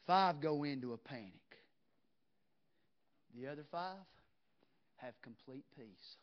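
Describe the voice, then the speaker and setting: A man preaches at a revival in a high voice, folksy and plainspoken. He rises to hollering peaks and then drops to a hushed storytelling tone. The recording sounds dull and muffled. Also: animated, takes it slowly. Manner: folksy, drops into "ain't" and "you know what". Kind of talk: revival sermon.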